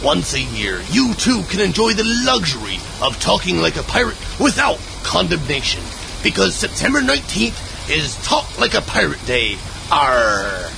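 A man playing a boisterous, rowdy pirate captain in a comic public service announcement, with gravelly growling pirate talk. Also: fairly high pitch, huge pitch swings, moderate pace, music in the background, full character voice, low-quality recording. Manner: bawdy, theatrical announcer delivery. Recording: rain and ambient noise behind.

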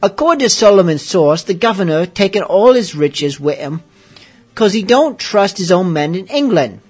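A man putting on a hammy parody pirate voice for rough male pirates while reading a comic book aloud. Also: high-pitched, lively intonation, moderate pace, darkish tone, soft background music. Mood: scheming. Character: rough-talking adult male pirates in a tavern.

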